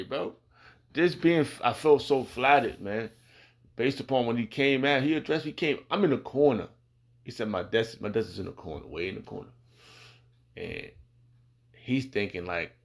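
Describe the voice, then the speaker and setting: A man speaking casually about his faith, rambling and swearing freely, calling listeners "man" and "bro", and slowing down to read scripture. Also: lowish voice. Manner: reads scripture slowly. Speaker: speaker sharing faith testimony. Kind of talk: casual religious talk.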